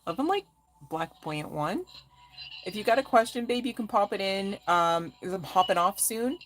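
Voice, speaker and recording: A woman's voice: mid-range voice, lively intonation, normal speed, fairly bright tone, a little hiss or hum. A woman tarot reader chatting casually on a live stream, affectionate with viewers and laughing often as she talks. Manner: laughs often mid-sentence.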